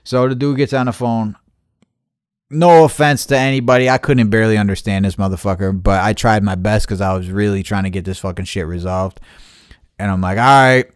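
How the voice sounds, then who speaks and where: A man hosting a podcast, telling a long, profane, animated story and acting out both sides of a support call. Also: on the low side, fairly quick, smooth, dry recording, studio quality. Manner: animated, swears constantly, acts out both sides of conversations. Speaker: podcast host.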